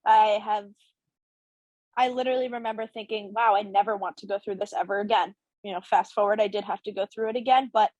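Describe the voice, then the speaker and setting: Animated young woman telling her story. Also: mid-range voice, dry recording, rough recording. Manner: animated, acts out quoted dialogue. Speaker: podcast guest, college hockey player. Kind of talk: casual storytelling interview.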